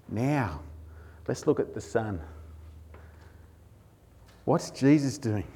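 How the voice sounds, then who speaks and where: A man preaching a sermon as pastor, emotional, moving between hushed and raised passages. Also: mid-range voice, expressive, extremely slow, long pauses, breathy edge.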